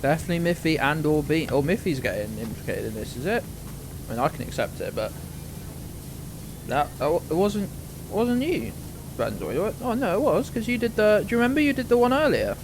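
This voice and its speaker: A man's voice: a little high, sing-song, normal speed, background noise. A man hosting a live game stream, joking and exclaiming as he reacts to chat. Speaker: streamer host.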